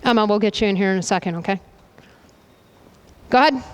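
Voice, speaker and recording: A woman soccer coach leading a goalkeeping demonstration with players, brisk and directive, checking in with a constant "okay?" and loudly calling out commands. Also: mid-range voice, smooth. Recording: reverberant hall, voice from a distance.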